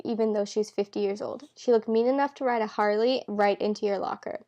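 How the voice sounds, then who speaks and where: A woman's voice: medium pitch, fairly even intonation, fast, few pauses, dark tone. A woman reading a novel aloud in a casual, unpolished way, tripping over words and correcting herself, with the characters' lines in her own voice. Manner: stumbles and corrects herself with asides. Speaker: amateur reader.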